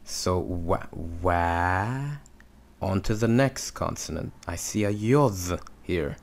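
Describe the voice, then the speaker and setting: A man's voice: low voice, lively intonation, measured pace, gravelly, darkish tone. A man teaching Hebrew reading, patiently sounding out letters and syllables step by step. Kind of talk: instructional walkthrough.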